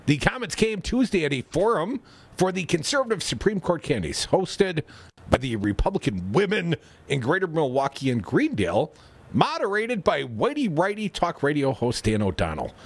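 A man's voice: on the high side, normal speed, husky. A man from co-hosting a political talk radio show, reading news with sarcastic asides. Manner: sarcastic, animated, reads news items with quips.

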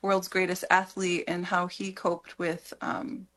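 A woman speaking as a guest on a radio talk show, halting and full of fillers and restarts. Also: on the low side, little pitch movement, fairly bright tone. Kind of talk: casual radio interview.

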